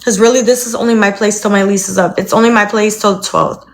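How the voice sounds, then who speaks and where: A woman's voice: medium pitch, steady tone, quick pace, a little hiss or hum. A young woman chatting casually on a phone livestream from her apartment, rambling, with cooing baby-talk to her dog.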